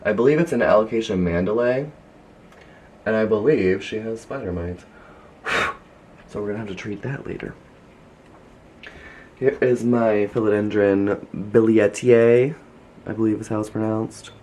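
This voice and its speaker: A man with a somewhat low voice talks through a casual tour of his home plant collection. He gushes, chats freely and fills his sentences with "like". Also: measured pace, pauses often, darkish tone, a little hiss or hum. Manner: gushing, chatty, frequent "like". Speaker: plant vlogger. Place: home filled with houseplants.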